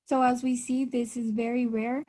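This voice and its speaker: Presenting to her class, a young female student speaks at a moderate pace in a slightly high voice with a dark tone and flat delivery. She explains each step in turn but frequently cuts herself off and starts over.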